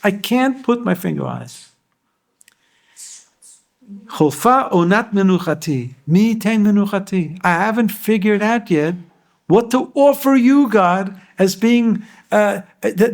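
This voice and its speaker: A man's voice: high-pitched, unhurried. A rabbi giving a Torah lecture to a class. He explains Hebrew verses line by line and asks his listeners questions.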